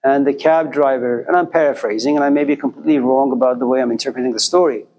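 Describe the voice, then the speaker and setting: A man's voice: fairly even intonation, quick pace, darkish tone. A man giving a storytelling lecture, talking conversationally and speaking straight to his listeners. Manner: conversational, addresses listeners directly; acts out quoted characters with jumps in pitch.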